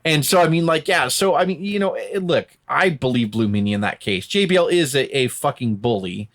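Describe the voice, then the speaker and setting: A man's voice: mid-range voice, lively intonation, a little fast. A man hosting a wrestling podcast, ranting angrily and with a lot of profanity, mocking other people in put-on voices. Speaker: podcast host. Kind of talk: heated casual chat.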